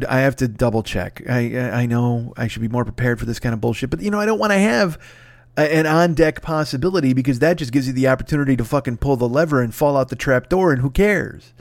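A man's voice: mid-range voice, no echo, clean studio sound. A man hosting his podcast, under the weather, rambling and swearing with many restarts in a casual solo announcement. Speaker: podcast host.

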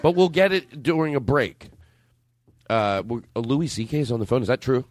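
A man hosting a loose comedy podcast, his pitch jumping all over as he rambles excitedly and laughs. His voice sits at a middle pitch, and he chats casually. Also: normal speed. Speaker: podcast host. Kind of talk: casual chat.

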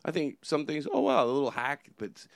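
A man's voice: fairly high pitch, sing-song, a little fast, gravelly, no echo. A man hosting a comedy podcast, rambling and interrupting himself as he talks.

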